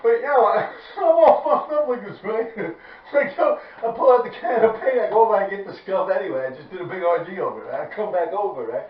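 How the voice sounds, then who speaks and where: A man's voice: high voice, expressive, brisk. A man with a New York accent, telling a graffiti story to his viewers in loose, profane street talk, laughing as he goes. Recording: echoey, distant, dull with faint noise.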